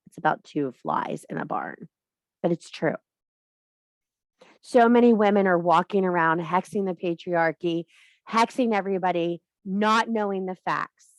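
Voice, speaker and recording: Woman, lower register, spiritual teacher type, blunt and preachy. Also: dry recording. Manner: blunt, emphatic, swears freely; preachy, addresses viewer directly. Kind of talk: spiritual monologue to camera.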